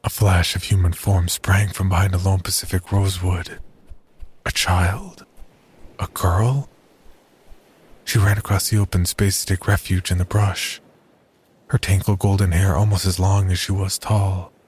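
A man narrating a horror story in a slow, measured, somber way. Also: low voice, steady tone, darkish tone, husky.

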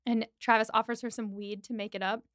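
Smooth-voiced woman recapping a film. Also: a little high, a little fast, dry recording, studio quality. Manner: animated retelling with quoted voices, frequent laughs. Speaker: podcast co-host. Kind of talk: casual chat recapping a film.

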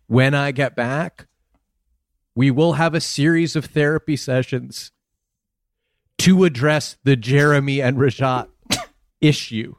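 Male podcast host, deadpan mock-outrage, average pitch, dry close sound. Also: slow, long pauses, no room sound. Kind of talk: comedic podcast banter.

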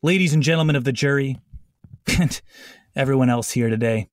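A man playing a smug, theatrical prosecutor in a comedy tabletop game, speaking with slow dramatic pauses. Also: medium pitch, dry recording, clean studio sound, lightly acted.

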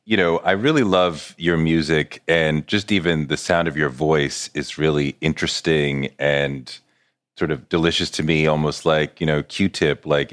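A man hosting a casual interview, asking rambling, searching questions full of fillers. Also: extremely low pitch. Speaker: podcast interviewer.

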